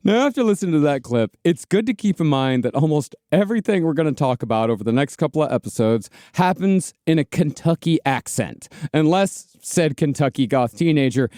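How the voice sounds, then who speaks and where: A man from Texas co-hosts a comedy podcast, narrating with jokes and asides. His voice is fairly high and very lively in pitch, recorded close and dry. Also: brisk, few pauses, no room sound. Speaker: podcast co-host. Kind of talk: comedic storytelling.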